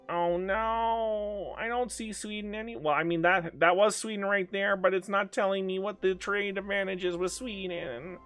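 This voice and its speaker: A man's voice: sits high, slow, fairly bright tone, soft background music. A man giving casual live-stream commentary on a strategy game, chatty and swearing, talking back to the game and to chat.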